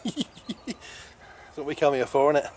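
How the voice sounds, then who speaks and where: A man filming his fishing trip by a lake, breathless and excited as he talks over his catch. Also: on the high side, measured pace. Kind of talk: excited outdoor vlog chat. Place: outdoors by a lake. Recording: outdoor recording with loud background noise.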